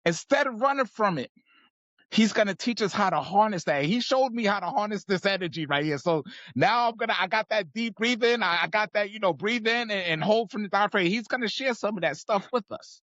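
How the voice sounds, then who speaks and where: A man's voice: sits high, animated, fairly quick, a bit bright, no echo, muffled recording. A man hosting a podcast, pumping up the audience and talking straight to the listeners in a hyped style. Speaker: podcast host. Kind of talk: energetic podcast intro and chat.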